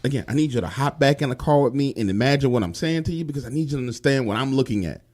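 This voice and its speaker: A man's voice: mid-range voice, expressive, very fast, a little mellow. A man telling a first-person true horror story in casual, profane street slang, speaking directly to the listener. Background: faint music.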